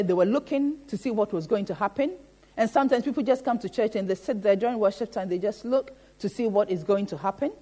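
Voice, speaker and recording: A woman preaching a sermon in a church, often pausing to ask the congregation "Amen?" and building her points through repetition. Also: fairly high pitch, mellow. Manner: rhetorical, repeats "Amen?" to the congregation.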